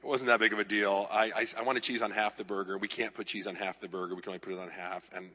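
A male pastor delivers a storytelling sermon, bright and forceful in tone. He shifts between lively anecdotes and gentle self-mockery. His voice carries a long reverb, as if heard in a large hall. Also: fairly low pitch, fast, a little hiss or hum.

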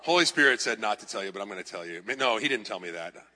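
Speaking rapid-fire in a lowish voice, a male preacher tells stories through his sermon with bright force, mixing lively anecdotes with mild jokes at his own expense. Long reverb makes him sound like he's in a big hall.

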